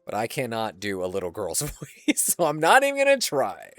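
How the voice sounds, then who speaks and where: A man's voice: medium pitch, huge pitch swings, moderate pace, fairly bright tone, no room sound. A man streaming a game who chats to viewers, laughs often and swears casually. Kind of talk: casual live-stream gameplay chat.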